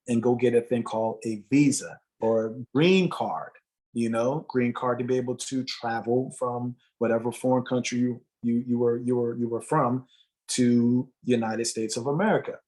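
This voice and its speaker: A man from Jamaica speaks as an interview guest, steady in pitch and earnest in tone. He builds a motivational story and leans on repeated phrases to drive each point home.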